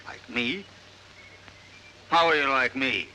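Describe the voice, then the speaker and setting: A man's voice: medium pitch, takes it slowly, pushed and bright, slight background noise, rough recording. An older actor playing a stern, hot-tempered plantation-owning grandfather in a 1930s film, barking his words. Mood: gruff scolding. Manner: gruff, barking. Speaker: estranged grandfather.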